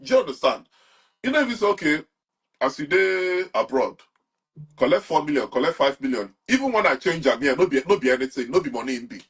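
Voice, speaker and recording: Nigerian-accented young guy for a chat interview: husky, fairly high voice, animated, flips between Pidgin and English. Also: a little fast. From Nigeria, Anambra. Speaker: guest. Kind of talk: casual interview talk.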